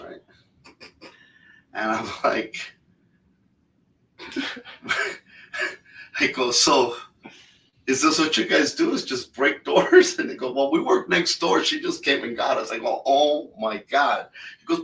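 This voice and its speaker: A man's voice: medium pitch, sing-song, a little slow, gravelly, long pauses, bright, forceful tone, recorded from a distance, a little hiss or hum. A man co-hosting a podcast, telling a story in casual, profane chat and acting out the other people in it. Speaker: podcast co-host. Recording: echoey room, voice a bit off-mic.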